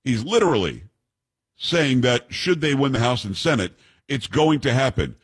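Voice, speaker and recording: This talk radio host speaks at medium pitch with big swings and a breathy edge. He fires off a quick, blunt, opinionated monologue into his studio mic.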